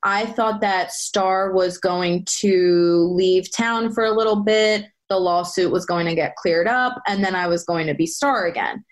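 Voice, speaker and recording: A young woman, a former soap actress, chatting as an interview guest and telling stories with lively, excited quoted voices. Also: on the low side, unhurried, few pauses. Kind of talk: casual interview storytelling.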